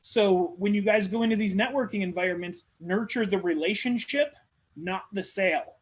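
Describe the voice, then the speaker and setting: A man hosting a live webinar who coaches on networking in an energetic, conversational way and acts out sample dialogues. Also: sits high, moderate pace. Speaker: marketing coach, webinar host.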